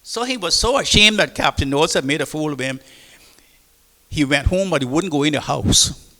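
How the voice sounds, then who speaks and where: A man's voice: on the high side, expressive, moderate pace, bright, forceful tone. An older man with a Caymanian accent, a former seafarer telling stories to an audience, rambling and repeating words as he goes. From Cayman Islands. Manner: rambling, repeats words and restarts, acts out quotes. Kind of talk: storytelling talk. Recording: reverberant hall.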